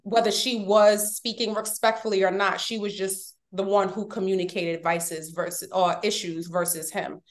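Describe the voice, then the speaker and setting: A woman's voice: mid-range voice, fairly even intonation, moderate pace, few pauses. A woman guest speaking candidly and emphatically about family and marriage, at times emotional. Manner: heartfelt, emphatic, gets emotional. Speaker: podcast guest. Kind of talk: candid personal storytelling.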